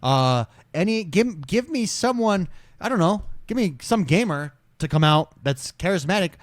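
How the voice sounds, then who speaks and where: A man co-hosting a casual gaming podcast, ranting in an animated way. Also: high voice, moderate pace, no echo, studio quality. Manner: animated, ranting, mocking impressions. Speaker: podcast co-host.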